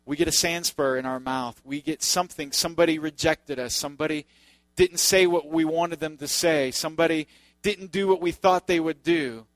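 A man's voice: on the high side, fairly even intonation, normal speed, no echo. A man preaching a sermon in a loose, conversational way, with joking asides to the congregation. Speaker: pastor.

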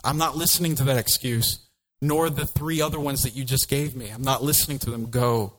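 A man voicing God as a stern, booming commander during a sermon. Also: fairly even intonation, fairly quick, fairly bright tone, lightly acted, low-quality recording.

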